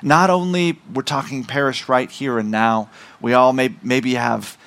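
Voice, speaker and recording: A middle-aged man, a visiting missionary, preaching a sermon and slowing down to stress key words. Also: medium pitch, steady tone, creaky, a bit bright. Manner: emphatic, slowing and rising on key phrases.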